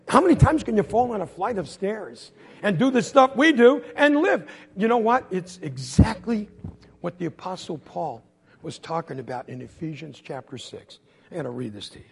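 A man preaching a sermon, telling a story in an animated way, acting out voices and sound effects and laughing often. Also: high voice, moderate pace, vocal fry, slightly rough. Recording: long hall reverb.

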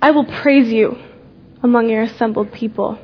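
Young woman sharing her faith story, high voice, earnest, pauses a lot, kinda muffled sound. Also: husky. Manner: earnest, slow deliberate pauses, dropping soft on key words. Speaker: youth speaker giving a testimony. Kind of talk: personal faith testimony, devotional talk.

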